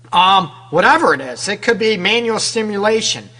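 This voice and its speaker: A man's voice: high voice, lively intonation, moderate pace, few pauses, sharp tone. A man hosting a radio advice show as a relationship counselor, talking directly to women listeners with lots of rhetorical questions. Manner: direct, conversational, keeps addressing women listeners; frequent rhetorical questions and tag "right?".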